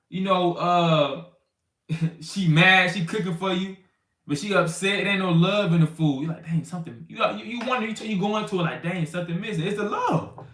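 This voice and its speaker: A man's voice: high-pitched, reverberant. A man teaching from the Bible in a loose, conversational way, often asking "you know what I'm saying" and acting out household quarrels. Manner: acts out quarrels in raised, shouting voices. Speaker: teacher of a congregation.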